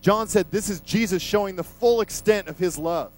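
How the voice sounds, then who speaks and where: A man's voice: high-pitched, moderate pace, poor audio. A man preaching a sermon in a conversational, emphatic way, vividly retelling a scripture passage.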